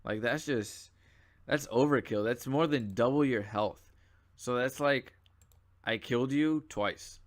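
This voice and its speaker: A man's voice: mid-range voice, a little slow. A young man casually commenting on his own gameplay as a channel host, sleepy and yawning, rambling with lots of fillers and asides.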